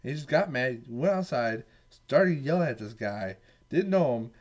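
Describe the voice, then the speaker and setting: Young man, hesitant and halting, casual chat. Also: medium pitch, lively intonation, darkish tone. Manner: hesitant, halting, many fillers and restarts.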